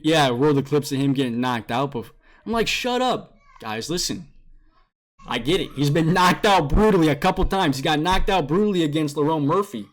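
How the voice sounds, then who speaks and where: An animated young man talks through a fight card in a loose vlog style. He circles back on his own phrases and leans on slang. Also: fairly high pitch. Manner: animated, emotional, repeats phrases, uses slang like bro and dude. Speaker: MMA YouTuber recapping fights. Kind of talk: casual excited fight recap.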